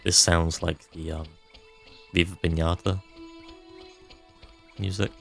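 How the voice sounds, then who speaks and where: Gravelly, low-voiced man streaming a game. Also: flat delivery, slow pace, a bit bright, faint music behind. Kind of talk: live gameplay commentary.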